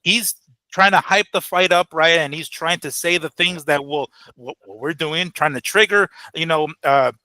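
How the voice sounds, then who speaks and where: A bright, forceful man talks boxing in loose, profane chat. He often slips into acted-out quotes of other people. His voice sounds dry and close, with a slightly high pitch. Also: moderate pace, dry recording. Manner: profane, animated, acts out quotes. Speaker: boxing show co-host. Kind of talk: casual chat.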